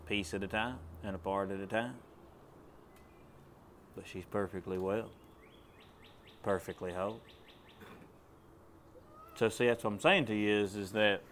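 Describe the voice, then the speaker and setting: A man's voice: on the low side, fairly even intonation, measured pace, long pauses, a little hiss or hum. A man giving a testimony in a sermon, telling a story in a drawling, plain way. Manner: storytelling, drawling, rising to loud commands. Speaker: preacher.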